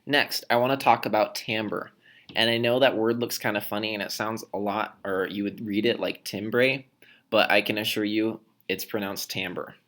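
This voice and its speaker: A man's voice: lowish voice, steady tone, moderate pace, a bit bright. A man teacher explaining how to read poetry aloud in a recorded lesson, demonstrating points with his own voice.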